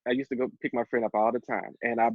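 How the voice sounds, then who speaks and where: A young man co-hosting a podcast, telling a personal story in an animated, profane way and laughing as he goes. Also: mid-range voice, fast, no echo. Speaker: podcast co-host. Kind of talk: casual storytelling chat. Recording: dull lo-fi dry sound.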